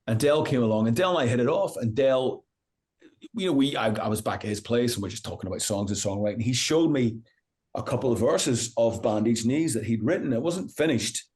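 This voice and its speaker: Animated male rock singer telling stories. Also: medium pitch, a little fast. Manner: animated anecdote-teller, acts out quoted voices, many restarts and "you know". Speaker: rock musician guest. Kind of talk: casual interview storytelling.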